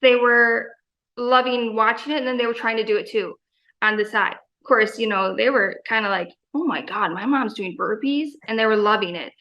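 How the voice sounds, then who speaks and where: A woman's voice: a little high, steady tone, a little fast, muffled recording. A woman in her forties, a gym member talking in a casual interview, enthusiastic and rambling, full of fillers and quoted asides.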